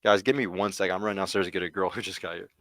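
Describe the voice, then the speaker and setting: A man's voice: low voice, fairly even intonation, rapid-fire, fairly bright tone, no echo, studio quality. A man hosting a live podcast, ranting with passion and some profanity to his audience, calling them "guys" again and again. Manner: impassioned, emphatic, keeps addressing the audience as guys. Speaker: podcast host. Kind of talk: livestream rant to chat.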